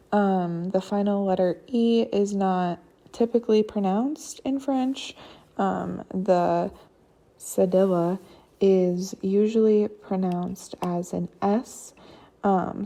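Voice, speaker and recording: A young woman giving a class presentation on phonology, unhurried and with frequent fillers. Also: mid-range voice, dark tone. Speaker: student presenter.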